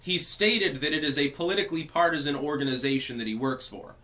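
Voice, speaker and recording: A man's voice: a little high, animated, fast, bright, forceful tone. A man on a casual livestream, explaining things and thinking aloud with hedges.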